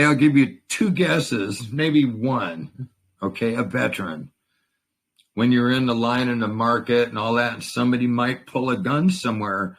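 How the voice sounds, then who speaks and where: A man's voice: medium pitch, fairly bright tone, breathy edge. A man who is a veteran, talking in a rambling, profane and emotional way in a casual chat. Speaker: veteran in a conversation.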